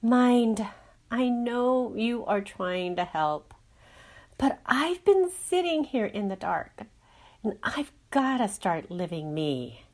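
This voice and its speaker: A woman's voice: a little high, big pitch swings, takes it slowly. A woman voicing a trapped inner self that cries out and pleads to be set free in a spoken story. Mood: pleading. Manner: desperate, shouting then pleading.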